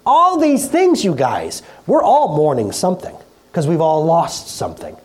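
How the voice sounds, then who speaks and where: A middle-aged pastor preaching in a relaxed, conversational way in a church, often repeating words and laughing at themself. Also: medium pitch, unhurried. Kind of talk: conversational sermon. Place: church hall.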